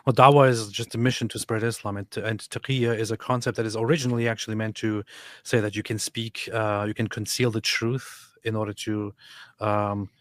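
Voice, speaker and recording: A man co-hosting a casual live stream, reading viewer comments aloud with quick asides. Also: lowish voice, flat delivery, no echo. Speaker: co-host reading chat.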